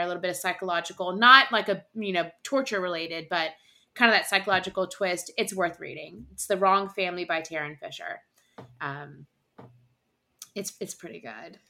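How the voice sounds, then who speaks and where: Woman co-host, bright forceful tone, enthusiastic and giggly, casual book chat. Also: medium pitch. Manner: giggly, enthusiastic, hesitant restarts. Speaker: podcast co-host.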